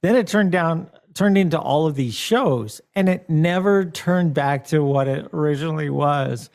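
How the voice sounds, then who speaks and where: A man's voice: on the high side, moderate pace, vocal fry, darkish tone. A man guest chatting casually, easygoing and rambling, laughing along. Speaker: guest, program director. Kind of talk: casual chat.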